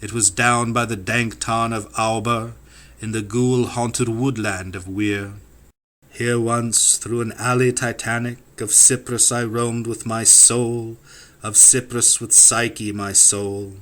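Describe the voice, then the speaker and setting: Man, audiobook poetry reader, slow and measured, bright tone, incantatory rhythm. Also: medium pitch, level tone. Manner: rhythmic, incantatory delivery with sweeping rises and falls. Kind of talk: dramatic poetry reading.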